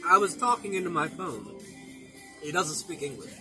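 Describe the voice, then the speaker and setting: A man's voice: fairly high pitch, sing-song, normal speed, music in the background. A man chatting casually in a vlog, rambling and telling crude jokes. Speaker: vlogger.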